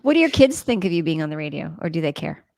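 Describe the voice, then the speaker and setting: A woman co-hosting a podcast, chatting and responding with warm affirmations. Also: sits low, big pitch swings, fast, creaky, dry recording, studio quality. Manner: supportive, affirming listener. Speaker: podcast co-host. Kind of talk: casual chat.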